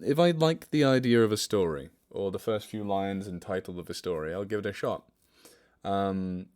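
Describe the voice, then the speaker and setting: This livestream host is a young man whose voice sits low with a darkish tone. Chatty and self-mocking, he talks casually with his viewers and responds to their chat questions.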